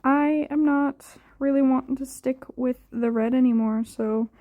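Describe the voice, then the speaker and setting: Over phone-quality sound with no echo, a young woman with a high voice talks about dyeing her hair in a casual voice-over, at a measured pace and fairly even intonation. Tired and yawning, she rambles, unsure, full of filler words.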